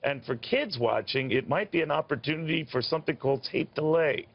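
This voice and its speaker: A man's voice: a little high, a little fast, vocal fry, few pauses, breathy edge, dull audio. Chatty, rambling male news host. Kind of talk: live TV interview.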